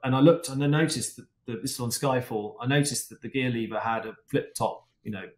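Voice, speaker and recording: A man's voice: mid-range voice, fairly quick. A man, a guest stunt and racing driver, telling stories in a chatty podcast conversation full of restarts and fillers. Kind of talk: casual anecdotal podcast talk. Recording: echoey room.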